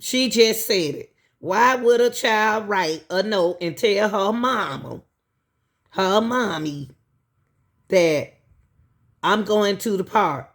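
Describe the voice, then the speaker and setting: A woman host giving emphatic commentary to her viewers, repeating herself and asking pointed questions. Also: mid-range voice.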